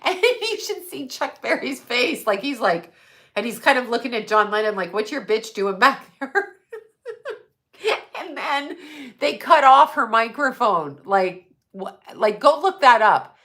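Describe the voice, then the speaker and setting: Bright-voiced, rambling middle-aged woman. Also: fairly high pitch, sing-song, a little slow. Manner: rambling, profane, laughs often. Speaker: livestream host. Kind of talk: casual livestream monologue.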